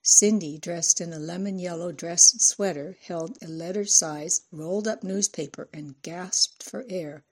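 A woman narrates a novel in a steady, even manner. Her voice sits low, husky and mellow. It is an audiobook reading. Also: a little slow, hardly any pauses.

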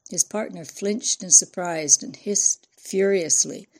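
A woman reading a novel aloud as an audiobook narrator, in a measured storytelling manner. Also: lowish voice, a little mellow. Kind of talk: scripted narration.

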